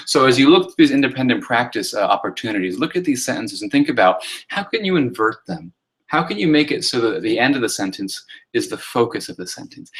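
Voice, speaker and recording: A man's voice: fairly low pitch, fairly bright tone, poor audio. A man, a writing instructor, talking through a recorded workshop lecture on sentence style in an explanatory way, often checking in with "right?" and using fillers.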